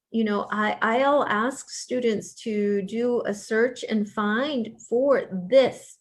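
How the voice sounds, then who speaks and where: A woman professor gives a casual workshop lecture, pausing often with fillers and restarts. Her voice sits a little high, and her unhurried delivery turns emphatic and coaching on key points. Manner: conversational, with frequent fillers and restarts. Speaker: professor leading a writing workshop.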